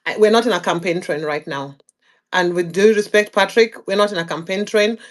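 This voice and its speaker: Woman, polite but pointed, mid pitch. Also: a little fast. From Kenya. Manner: apologetic yet pointed. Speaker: speaker.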